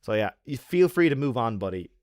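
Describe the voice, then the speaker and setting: A man in his young adult years tells stories to his stream audience with lots of energy, swearing and laughing as he goes. His voice sits at an ordinary middle pitch, and the sound is dry and close, with little room echo. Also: a little fast. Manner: animated, swearing, laughing often. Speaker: YouTuber. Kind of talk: casual livestream chat and storytelling.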